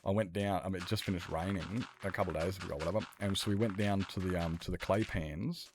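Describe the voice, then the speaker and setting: A man's voice: low-pitched, fairly even intonation, fast talker, noisy background. A young man streaming a game, chatting casually and telling stories in a rambling, swearing way. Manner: rambling, profane storytelling. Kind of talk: casual chat while gaming.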